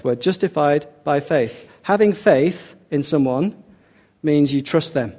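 A man's voice: fairly high pitch, darkish tone. A middle-aged man preaching a sermon, emphatic and repeating his key points for the congregation.

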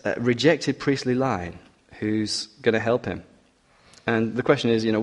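A man's voice: lowish voice, big-room sound. A man preaching an expository sermon, walking through a passage verse by verse with teasing asides and emphatic urging.

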